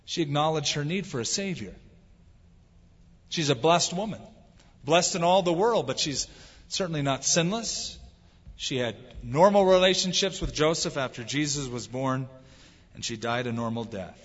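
A man preaches with an emphatic, drawn-out delivery. His voice sits a little high and rings through a long hall reverb. The recording is dull and lo-fi. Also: expressive, breathy edge. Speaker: pastor. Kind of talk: sermon.

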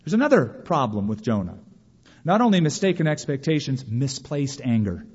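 A man preaching a sermon as pastor, animated, with quick mock quotes of others. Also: medium pitch, husky, in a large hall, muffled recording.

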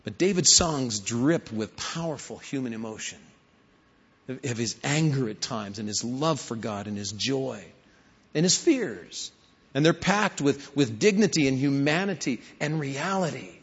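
A man's voice: medium pitch, lively intonation, a little slow, breathy edge. A man preaching a sermon, telling stories and rising to emphatic questions. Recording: hall reverb, dull lo-fi sound.

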